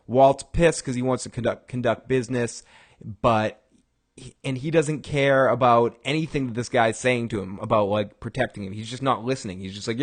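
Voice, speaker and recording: A man's voice: medium pitch, normal speed. A man hosting a casual talk show, recapping a TV episode in a rambling way, with frequent restarts and chuckles. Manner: acts out quoted lines in bursts of raised voice. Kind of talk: casual chat.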